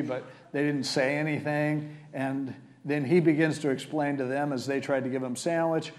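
A man's voice: on the high side, steady tone, normal speed, few pauses, darkish tone. A male preacher giving a sermon, retelling scripture in a casual, conversational way.

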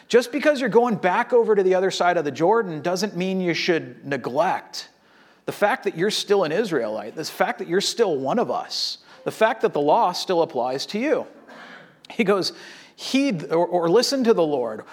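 A man preaching a sermon, reading scripture and acting out the speakers in a casual, animated way. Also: high voice, moderate pace. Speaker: pastor.

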